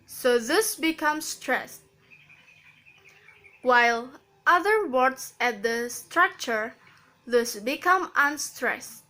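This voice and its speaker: Slow, high-voiced woman presenting a lesson. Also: lively intonation, bright, forceful tone. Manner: slow, careful reading with pauses between phrases. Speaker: student presenter. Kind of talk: recorded class presentation.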